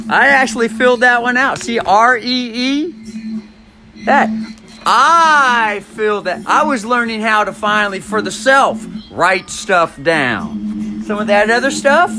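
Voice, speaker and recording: A man in his fifties, a navy veteran, talking to camera in a rambling monologue, musing, repeating his phrases and chuckling to himself. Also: high voice.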